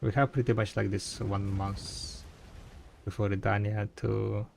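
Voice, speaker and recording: A man's voice: on the low side, flat delivery, a little slow, creaky, a little mellow, slight background noise. A man live-streaming a game, chatting casually and thinking aloud, rambling and correcting himself as he goes. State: tired, yawning. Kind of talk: casual live-stream chat while playing.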